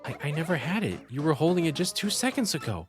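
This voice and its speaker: A man's voice: a little high, sing-song, fast, faint music behind, voice pushed up. A man voicing a meek, bullied young female spirit from a game, hesitant and stammering. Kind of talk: reading game dialogue aloud.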